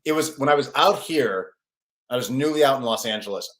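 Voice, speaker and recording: A man from Chicago, a guest in a casual interview who talks in quick, halting bursts with many fillers. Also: medium pitch, lively intonation, a bit bright, slight background noise. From North Side of Chicago. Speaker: guest, actor and writer.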